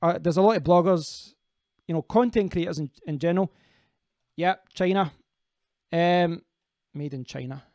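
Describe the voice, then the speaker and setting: A man's voice: on the high side, moderate pace, pauses often, darkish tone, dry recording, clean studio sound. A man hosting a casual live stream, rambling as he answers viewers' comments and often restarting his sentences.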